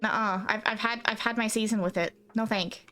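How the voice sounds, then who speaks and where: A woman's voice: fairly high pitch, steady tone, brisk, sharp tone, a little hiss or hum. A woman with an Australian accent, slightly Americanized, chatting casually with her live chat as a streamer, rambling and giggling.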